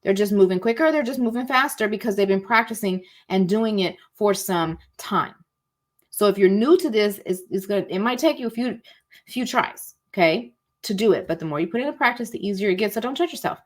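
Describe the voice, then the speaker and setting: A woman's voice: medium pitch, animated, brisk. Woman, casual life-coach teacher; encouraging, chatty, calls listeners y'all. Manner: acts out inner thoughts in quoted asides.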